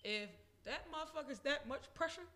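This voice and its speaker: A man's voice: very high-pitched, fairly quick, bright, forceful tone, a little hiss or hum. A man co-hosting a podcast, ranting emphatically and swearing freely. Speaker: podcast co-host. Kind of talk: casual chat.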